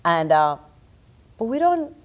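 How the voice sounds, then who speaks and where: A woman speaking on a community panel, impassioned and halting, with frequent restarts and fillers. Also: lowish voice, very animated, muffled recording.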